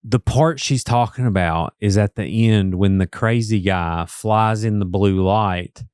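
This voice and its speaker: A man with a low, smooth voice chats easily on a dry, close mic. He spins theories and wanders into movie references. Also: a little slow, darkish tone, no room sound. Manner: easygoing, theorizing, slides into movie quotes. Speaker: podcast co-host. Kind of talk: casual true-crime chat.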